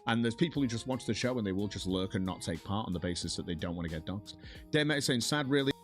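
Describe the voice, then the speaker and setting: A man's voice: lowish voice, animated, quick pace, faint music behind. A man chatting casually on a livestream, rambling and repeating himself as he complains about being targeted. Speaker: streamer in a played clip. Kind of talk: casual live-stream chat.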